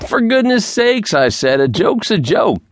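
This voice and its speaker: A man voicing a good-natured, middle-aged ranch sheriff who talks in a raised, excitable voice. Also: mid-range voice, moderate pace, dry recording, clean studio sound, voice pushed up, close to an everyday voice. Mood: alarmed.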